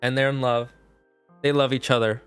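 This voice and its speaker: Chatty streamer man, smooth voice. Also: mid-range voice, normal speed, soft background music. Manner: animated, chatty, talks to chat mods. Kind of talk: casual livestream chat.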